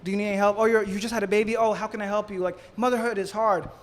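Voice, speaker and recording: A young man with a high, quick voice rattles through casual podcast talk, swearing often. He sounds like he's in a room with a long echo. There is a faint noise behind him. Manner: fast, profane, animated storytelling. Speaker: podcast host. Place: Florida.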